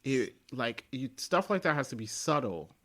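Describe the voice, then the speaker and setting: Man, podcast host, mid-pitch, animated and playful in casual chat. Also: normal speed. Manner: animated, laughs often, acts out lines. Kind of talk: casual movie review chat.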